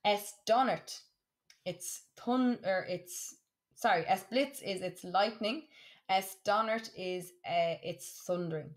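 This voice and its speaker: A woman teaching a German lesson, saying words slowly and clearly and repeating them for practice. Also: mid-range voice. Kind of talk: classroom lesson for students.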